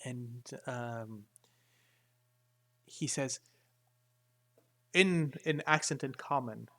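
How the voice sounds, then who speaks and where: A man running a tabletop game as game master, explaining the scene in a halting way with many restarts. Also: mid-range voice, a bit bright. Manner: halting, full of fillers and restarts.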